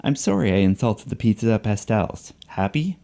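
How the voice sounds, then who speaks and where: A man's voice: on the low side, very animated, moderate pace, creaky, warm tone. A man reading a novel passage aloud, voicing a vain, tense male banker who talks through gritted teeth and hisses in whispers. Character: vain, tense male Wall Street banker, simmering anger.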